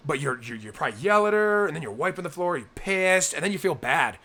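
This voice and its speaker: Earnest rambling young man, higher voice. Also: lively intonation, fast, sharp tone. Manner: earnest, rambling, acts out inner thoughts. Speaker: co-host. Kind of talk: casual podcast chat.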